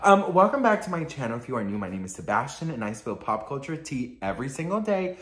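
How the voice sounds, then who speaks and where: Sassy, animated gossip vlogger man. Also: mid-range voice, quick pace, reverberant. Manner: sassy, excitable, peppered with swearing and "girl". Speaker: pop culture gossip vlogger. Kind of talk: casual gossip vlog.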